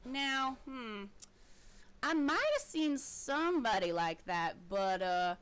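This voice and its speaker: A woman's voice: fairly high pitch, expressive, slow, clear, resonant tone. A woman voicing a bored, gloomy female halfling who runs a game booth, talking in a hesitant, wheedling way. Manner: sighing, hesitant, then gushing and wheedling.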